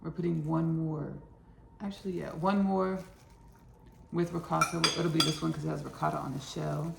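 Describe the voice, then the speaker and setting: A woman's voice: low-pitched, steady tone, moderate pace, vocal fry, reverberant, heavy background noise. A woman from Texas with a Texan accent, hosting a casual home cooking video and chatting as she works, often repeating her phrases. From Austin, Texas. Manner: chatty, repeats phrases, laughs at own jokes.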